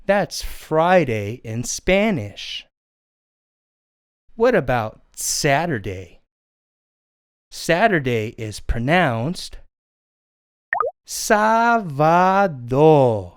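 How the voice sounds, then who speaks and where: Puppeteer as a cheery little sparrow puppet, kids' lesson, unhurried and smooth. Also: mid-range voice, big pitch swings, no echo, studio quality. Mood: cheerful. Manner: sing-song, encouraging, drawn-out words. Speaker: children's language teacher. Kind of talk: children's lesson.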